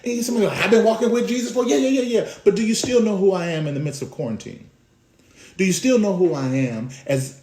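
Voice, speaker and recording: A man preaching a sermon as a pastor, swinging between loud bursts and hushed asides. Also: high-pitched, reverberant.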